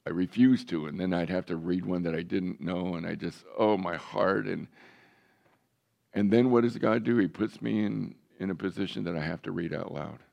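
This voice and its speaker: A man's voice: low-pitched, steady tone, normal speed, creaky, a little mellow. A man in his seventies, a pastor, telling his own story in a candid, joking sermon. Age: 70s. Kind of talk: personal testimony sermon.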